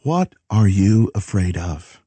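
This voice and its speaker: A man voicing a calm, faceless shadow man with a soft, accented voice that soothes quietly. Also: deep voice, slow, husky, no echo, exaggerated voice. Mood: soothing.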